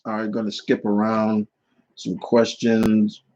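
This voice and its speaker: A man's voice: lowish voice, slow pace. Rambling man with dull lo-fi sound. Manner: rambling, animated, many restarts and fillers. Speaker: channel host answering viewer questions. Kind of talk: casual live Q&A chat.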